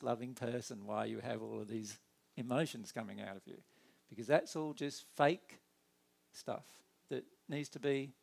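A man giving a conversational spiritual talk, animated and acting out inner dialogue in quick put-on voices. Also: mid-range voice, creaky. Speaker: spiritual teacher.

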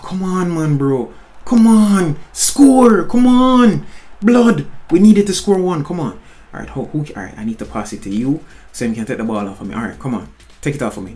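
A young man, excitably commentating his own football gameplay in a slangy, chatty way, talking straight at the screen. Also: medium pitch. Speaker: gaming channel host.

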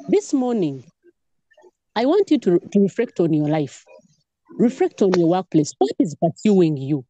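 Lady preaching hard, warm mellow voice, dry close sound. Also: fairly low pitch, dry recording. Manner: fervent, repeats phrases, calls out praise. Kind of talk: sermon. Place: cathedral.

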